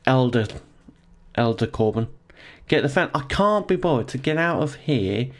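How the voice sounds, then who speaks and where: A man's voice: medium pitch, expressive, normal speed. A young man chatting casually and jokingly to his live-stream chat while gaming, rambling and laughing often, in his home office.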